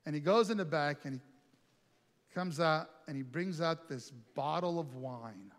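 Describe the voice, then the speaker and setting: A middle-aged male pastor telling a lively personal story in a sermon, acting out the other voices in it. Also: fairly high pitch, a little slow. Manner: animated storytelling with quoted voices. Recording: long reverb, faint music.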